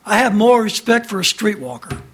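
Casting: male preacher, high bright husky voice, emphatic fiery sermon delivery. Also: sing-song, normal speed. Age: has adult son.

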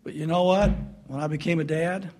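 A middle-aged man preaching through a family story, swinging from loud laughter to hushed earnestness. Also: fairly high pitch, fairly even intonation, fairly quick, a little hiss or hum. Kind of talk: storytelling sermon.

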